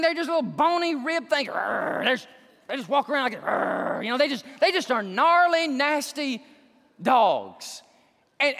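A man preaching a sermon, animated and exclaiming, joking with the congregation. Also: extremely high pitch. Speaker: pastor. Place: church sanctuary. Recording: long hall reverb.

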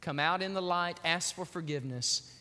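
A male pastor preaching, animated as he tells a story and hushed when he turns solemn. His voice is high and bright. The long reverb of a large hall surrounds it. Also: moderate pace. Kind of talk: sermon with storytelling.

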